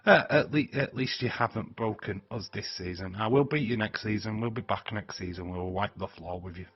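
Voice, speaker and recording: A man's voice: fairly low pitch, a little fast, slightly rough, highs cut off. A man hosting a live watch-along stream. He chats casually and bluntly with viewers, swears freely and laughs at his own jokes.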